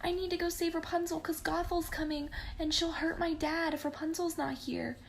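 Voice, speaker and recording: A woman's voice: very high voice, little pitch movement, moderate pace, creaky, slight background noise, voice pushed up. A woman voicing a frantic young female dragon girl who pleads urgently and swears.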